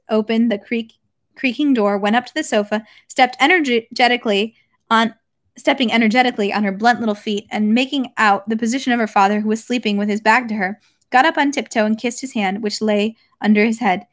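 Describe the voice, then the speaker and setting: A woman reading a classic novel aloud at home, steady, with occasional self-corrections. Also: on the high side, fairly quick. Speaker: reader of a novel. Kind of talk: read-aloud narration.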